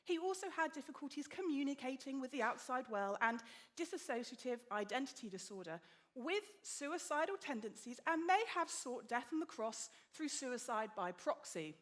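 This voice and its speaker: A woman's voice: high voice, expressive, normal speed. A woman putting on the voice of a male psychiatrist, reading a diagnosis in a dry, clinical manner. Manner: dry, clinical, report-like delivery.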